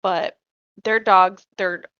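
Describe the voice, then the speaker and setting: A woman's voice: medium pitch, steady tone, slow, smooth, highs cut off. A woman co-hosting a podcast, telling a story in casual chat in a blunt, profane way that gets heated. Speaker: podcast co-host.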